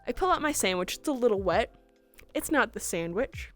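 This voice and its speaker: A young woman streamer telling a story casually in an animated way, laughing often. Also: fairly high pitch, fairly quick, faint music behind.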